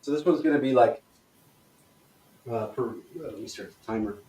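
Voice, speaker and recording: A movement instructor of medium pitch and normal pace talks learners through exercises step by step in a loose, profane style, acting out worry and whooping with excitement. The room is echoey, and his voice comes from off-mic.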